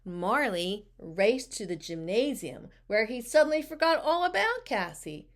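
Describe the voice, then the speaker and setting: A woman reads a children's picture book aloud, expressive and stopping to ask her listeners questions. Her voice sits a bit high and swings widely, and she takes the story at a slow, careful pace. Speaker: storybook reader.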